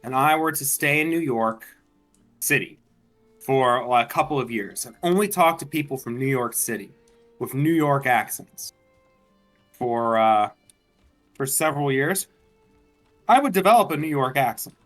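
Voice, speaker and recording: A man's voice: medium pitch, expressive, unhurried, long pauses, a bit bright, soft background music. A man chatting on a game stream, arguing points in a careful, lecturing way. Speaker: streamer co-host. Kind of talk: casual chat while gaming.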